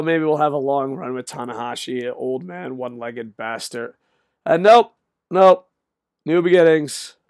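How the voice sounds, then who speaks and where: A man's voice: fairly high pitch, no room sound. Exasperated man ranting, dry close sound. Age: older. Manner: exasperated, profane, sarcastic rant. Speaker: wrestling commentator. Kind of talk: ranting solo video.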